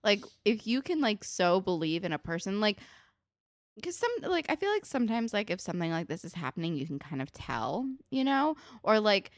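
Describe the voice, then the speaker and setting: A woman's voice: medium pitch, very animated, normal speed, no echo, studio quality. A young woman co-hosting a podcast, ranting casually and sarcastically about a TV episode and swearing freely. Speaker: podcast co-host. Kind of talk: casual chat recapping a TV episode.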